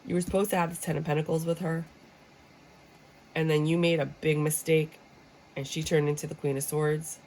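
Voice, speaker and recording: A woman gives a casual tarot reading in a low, gravelly voice. She talks bluntly and jokes as she acts out how people react. A faint hiss sits under the recording. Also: little pitch movement, moderate pace, pauses often, a little mellow, low-quality recording. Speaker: tarot reader. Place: room with a squeaky chair.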